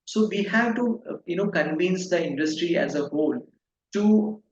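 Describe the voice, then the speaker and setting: Halting man with many fillers. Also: sits high, animated. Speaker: pharma consultancy director, guest. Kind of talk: interview answers. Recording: echoey, dull, faint noise.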